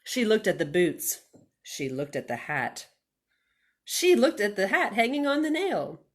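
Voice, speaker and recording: A woman's voice: medium pitch, sing-song, unhurried. A woman librarian reading a picture book aloud at storytime, with chatty, giggly asides to the children.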